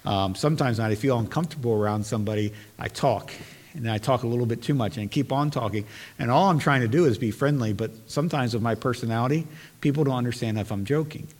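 A man's voice: mid-range voice, quick pace, a little mellow, long reverb tail. A man preaching a sermon as pastor, talking earnestly and conversationally and reading scripture aloud.

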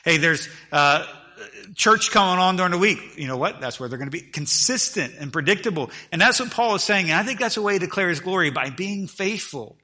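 A man's voice: high voice, animated, brisk, sharp tone. A middle-aged man preaching a sermon, with emphatic delivery that swells and drops in volume, often repeating words as he restarts. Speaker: pastor.

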